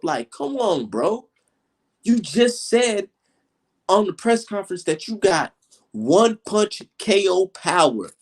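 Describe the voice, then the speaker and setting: A young man ranting heatedly and profanely straight to his viewers in a casual vlog. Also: high-pitched. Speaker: vlogger.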